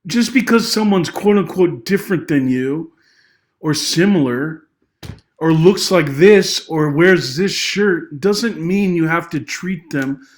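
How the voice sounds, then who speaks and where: A young adult man talks straight to camera in a loose, rambling monologue, stumbling over restarts and apologizing as he goes. His voice sits a little high for a man and rises sharply whenever his anger flares. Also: slow. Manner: agitated, voice rising when angry. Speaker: vlogger giving social commentary. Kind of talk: unscripted personal monologue.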